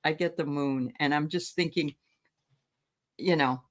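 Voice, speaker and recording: A middle-aged woman hosting a casual livestream chat, chatty and quick to laugh. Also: deep voice.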